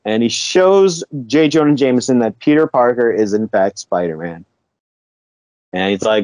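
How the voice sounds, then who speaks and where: A man's voice: mid-range voice, expressive, moderate pace, a little mellow, smooth, no echo. A man co-hosting a podcast, retelling a comic book story in loose, casual chat, chuckling often and swearing now and then. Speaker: podcast co-host.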